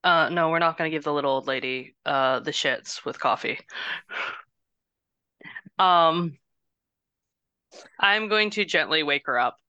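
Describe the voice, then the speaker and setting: A woman's voice: deep voice, bright, forceful tone, smooth, no echo. A woman playing a tabletop game, speaking hesitantly, half in character. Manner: hesitant, halting. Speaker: player. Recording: dull lo-fi mic.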